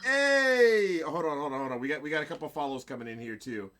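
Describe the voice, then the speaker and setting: A middle-aged man hosting a casual live-streamed gaming and photography show, playful and laughing, giving hyped shout-outs to his chat and guests. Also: medium pitch, racing.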